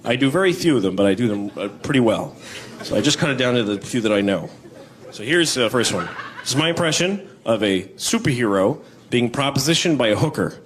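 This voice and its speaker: A man doing stand-up comedy, deadpan between sudden silly voices. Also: mid-range voice, brisk. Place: comedy club stage. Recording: noisy club with audience laughter. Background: crowd laughing.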